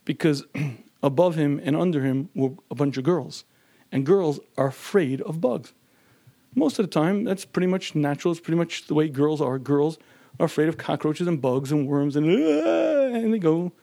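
Throat-clearing man lecturing on marriage. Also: on the high side, moderate pace, warm tone. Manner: frequent throat-clearing, acts out quoted voices. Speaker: marriage teacher.

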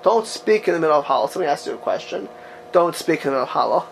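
A man teaching a religious text class, reading passages aloud and asking the students rhetorical questions in an animated way. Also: on the high side, rapid-fire, creaky, a little hiss or hum. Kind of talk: text-study lecture to a class.

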